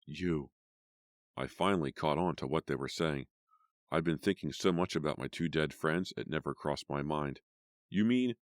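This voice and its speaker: A man narrating a teen horror audiobook in a measured, even storytelling voice. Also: very deep voice, dry recording, studio quality. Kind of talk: scripted narration.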